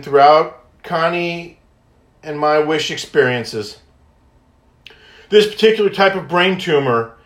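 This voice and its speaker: Upbeat man, slightly high voice, chatty podcast storyteller who laughs a lot, roomy echo. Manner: high-energy, laughs often, acts out phone calls. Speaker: podcast host and wish granter. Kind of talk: casual storytelling monologue. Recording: echoey room.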